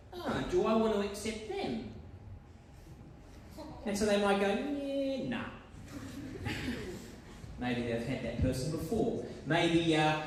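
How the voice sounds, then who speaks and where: A man's voice: high voice, fairly bright tone, a little hiss or hum. A man with a New Zealand accent giving a school worship talk as guest speaker, chatty and acting out little scenes in voices. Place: large school hall. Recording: echoey hall from far off.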